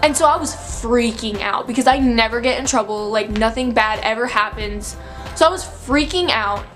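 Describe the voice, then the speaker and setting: A woman's voice: fairly high pitch, moderate pace, a bit bright, soft background music. A young woman in her late teens telling a storytime vlog in a chatty, filler-heavy, breathless way. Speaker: vlogger.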